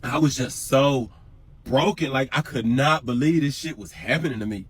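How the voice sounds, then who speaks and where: A man's voice: medium pitch, moderate pace, slightly rough, no echo. A man telling a personal prison story in an emphatic, profane, repetitive way. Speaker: storyteller in a reacted clip. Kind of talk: emotional storytelling.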